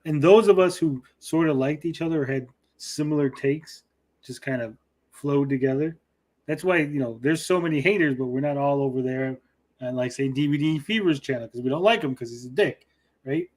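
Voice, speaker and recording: A man's voice: fairly high pitch, normal speed, darkish tone. Blunt joking male stream host. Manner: blunt, joking, swears freely. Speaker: show host reading chat. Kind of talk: casual livestream chat.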